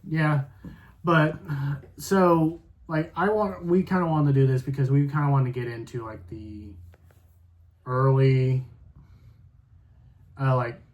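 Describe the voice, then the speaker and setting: Taking it slowly with long pauses, this podcast co-host in his thirties speaks in a medium-pitched, darkish voice. He rambles through the casual chat, leaning heavily on "like."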